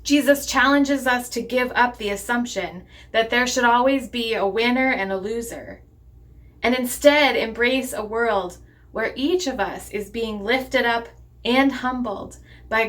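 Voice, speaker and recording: A woman pastor delivering a sermon in a measured, deliberate preaching cadence. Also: fairly high pitch, fairly bright tone.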